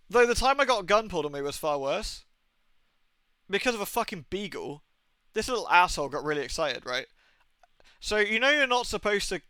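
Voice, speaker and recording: A man's voice: a little high, pushed and bright, clear, resonant tone, dry recording. A British man in his thirties streaming a game, chatting casually and telling rambling stories with casual swearing. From Britain. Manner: rambling, anecdotal, swears freely. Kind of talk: casual gaming stream chat.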